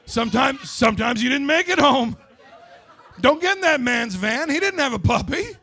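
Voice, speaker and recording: A man in his forties doing a stand-up comedy set, brash and loud with crude storytelling. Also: very high voice, expressive, moderate pace. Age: 40s.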